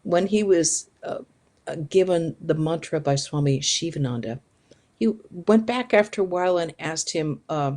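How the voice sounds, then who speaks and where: Lively, low-pitched nun telling stories. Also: female voice, moderate pace. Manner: lively, acts out quoted voices with big pitch swings. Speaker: Vedanta nun giving a talk. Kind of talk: anecdotal storytelling talk.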